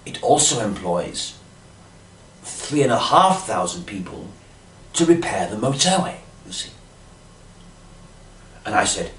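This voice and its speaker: A man's voice: lowish voice, sing-song, measured pace, long pauses, a bit bright, roomy sound, distant mic. A man telling a rambling comic monologue in a dotty, fussy manner, full of "you see" asides. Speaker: comic storyteller.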